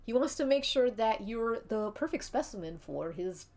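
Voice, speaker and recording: A woman's voice: on the high side, animated, a little mellow. Woman doing a shy, awkward young man. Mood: eager. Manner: halting, nervous and rambling.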